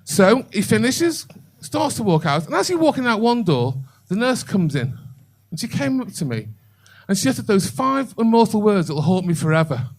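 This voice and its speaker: A man's voice: high-pitched, big pitch swings, normal speed. An older man doing a bawdy stand-up comedy set in a comedy club, telling a story and chatting with the crowd.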